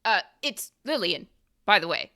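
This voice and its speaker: A woman voicing a formal young society woman on a phone call in a tabletop role-play, polite and halting. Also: mid-range voice, very animated, sharp tone. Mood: worried.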